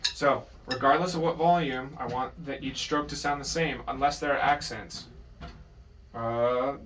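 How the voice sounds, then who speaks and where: A man's voice: medium pitch, steady tone, unhurried, a bit bright, a little hiss or hum. A man teaching a private drum lesson, patient but firm, correcting his student and counting out beats. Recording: distant mic with drums in the room.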